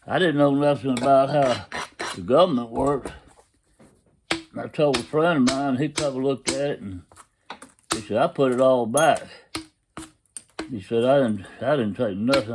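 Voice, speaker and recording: A man's voice: medium pitch, normal speed, pauses often, noisy background. A man telling a story in a folksy, casual way, constantly retelling what others said. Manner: folksy drawl, retelling quotes with "he said".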